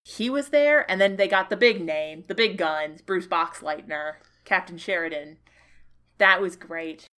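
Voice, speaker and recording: A woman's voice: lowish voice, a little slow, fairly bright tone. Chatty woman podcast co-host. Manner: chatty and enthusiastic, many fillers. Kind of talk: casual chat recapping a convention.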